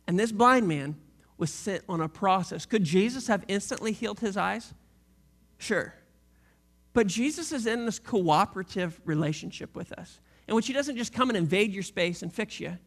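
A pastor preaching a sermon in a casual, animated way, full of slang and playful asides. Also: medium pitch, vocal fry. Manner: animated, conversational storytelling with slang; shifts into a quiet, reflective tone late on.

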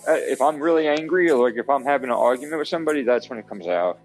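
A man's voice: medium pitch, quick pace, soft background music, rough recording. A man with a New Jersey accent chatting casually on a podcast, rambling and full of fillers. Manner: rambling, filler-heavy, easygoing. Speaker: podcast host. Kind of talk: casual chat.

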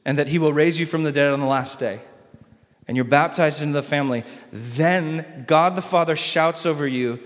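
Male pastor, sermon delivery, slightly high voice, big dynamic swings, lingering room reverb. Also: moderate pace. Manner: dramatic swings between loud emphasis and soft hushed lines.

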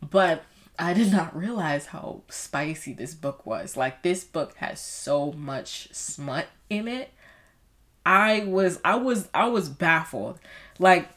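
A woman's voice: on the low side, animated, unhurried. A young woman chatting casually about books she has read, rambling along with lots of fillers and restarts. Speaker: book vlogger. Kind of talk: casual book chat.

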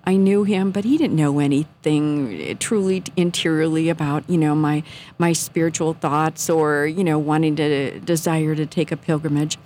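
A woman telling a personal faith story on a radio show, earnest and sometimes hushed. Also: deep voice, fairly even intonation, moderate pace, slight background noise. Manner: earnest, drops to a soft hush at moments. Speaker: guest telling her story.

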